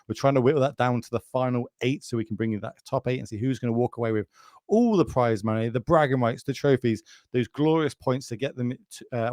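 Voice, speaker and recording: A man's voice: mid-range voice, no room sound. British guy doing live card game commentary, chatty and jokey, dry close sound. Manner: chatty, jokey, plugs the channel.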